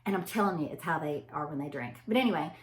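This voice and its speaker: A woman's voice: low voice, animated, quick pace. A middle-aged woman, a chatty storyteller talking straight to her listeners in a casual motivational talk. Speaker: anesthesia provider. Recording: echoey room.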